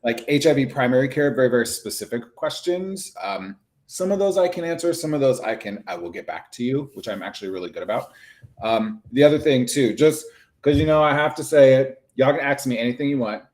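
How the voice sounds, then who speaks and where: Chatty, animated man on a livestream. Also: mid-range voice, brisk. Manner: animated, chatty, lots of fillers. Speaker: nurse practitioner guest. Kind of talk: casual livestream chat.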